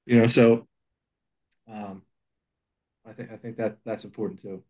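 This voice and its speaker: A man's voice: mid-range voice, flat delivery, brisk, low-quality recording. A man who is a volunteer assistant fire chief, talking in a casual, plainspoken and humble way with frequent restarts. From Pennsylvania, USA. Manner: plainspoken, self-deprecating, many restarts. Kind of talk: casual podcast conversation.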